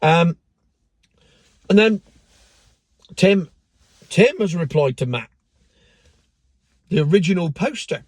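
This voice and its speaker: A man's voice: fairly high pitch, expressive, slow, long pauses, no room sound. Sardonic man ranting, dry close sound. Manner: sardonic, mocking, swearing. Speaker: car vlogger. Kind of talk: casual ranting commentary.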